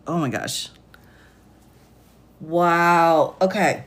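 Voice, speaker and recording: An attorney with a lowish, expressive female voice reads a legal filing aloud on a live stream, commenting unhurriedly along the way. She splits long sentences and rereads them, breaking off in disbelief with sighs and "what?".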